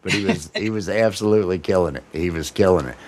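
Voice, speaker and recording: A man hosting a casual livestream, talking in a loose, rambling way with swearing and excitable restarts. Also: deep voice, fast, background noise. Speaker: livestream host. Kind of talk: casual chat.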